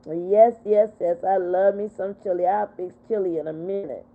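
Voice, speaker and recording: An older woman hosting a casual livestream, talking in a heartfelt, repetitive way while she is upset but steady. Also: medium pitch, moderate pace. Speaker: livestream host. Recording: tinny phone-like sound.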